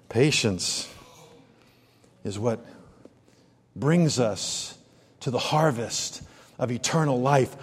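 Guy preaching a sermon, kinda high voice, goes quiet then gets loud and punchy, big echo of a hall. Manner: storytelling sermon that swings between hushed asides and loud rising emphasis. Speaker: pastor. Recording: long reverb of a large hall.

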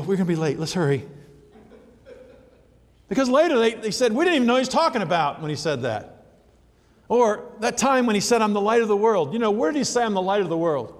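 An older man delivers a sermon in an easy, storytelling way, with a voice sitting a little high for a man. He acts out the quotes and now and then breaks into a sudden shout. The sound rings with the long reverb of a large hall. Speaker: pastor.

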